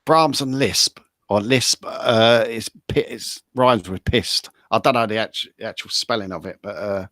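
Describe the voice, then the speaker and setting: A man's voice: lowish voice, unhurried, few pauses, fairly bright tone, dry recording, clean studio sound. A man, co-hosting a casual chat and explaining slang. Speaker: co-host.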